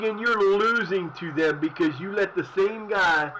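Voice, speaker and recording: A somewhat high-voiced man with a drawl streams live as he plays a football management game. He berates his underperforming virtual players with profanity-laced rants. A steady layer of noise sits under his voice. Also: moderate pace, rough recording. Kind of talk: live-stream gameplay commentary.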